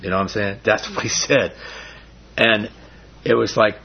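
A man's voice: fairly low pitch, normal speed, creaky, breathy edge. A middle-aged man leading a Bible study in an earnest, rambling, casual way, with frequent restarts. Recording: dull lo-fi recording.

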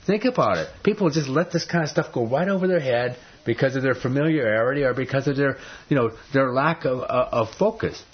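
Man, Bible teacher, emphatic, rhetorical questions, husky voice, muffled lo-fi sound. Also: mid-range voice, lively intonation, a little fast, hardly any pauses. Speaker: preacher.

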